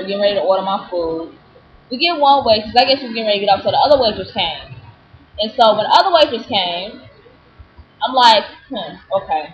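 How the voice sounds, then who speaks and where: Casual vlogger, woman, higher register, animated and indignant, muffled webcam sound. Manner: animated, indignant storytelling with many fillers. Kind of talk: casual vlog rant. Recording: dull lo-fi webcam audio with faint hiss.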